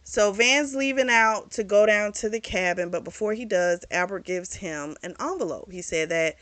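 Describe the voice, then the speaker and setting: A woman's voice: mid-range voice, moderate pace, fairly bright tone, no echo. A woman hosting a book review, casually retelling the plot with lots of "like" and "um". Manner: chatty retelling full of "like" and "um".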